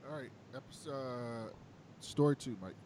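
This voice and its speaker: A man's voice: mid-range voice, unhurried, a little mellow. A man co-hosting a casual podcast chat who makes blunt, dismissive remarks. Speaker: podcast co-host.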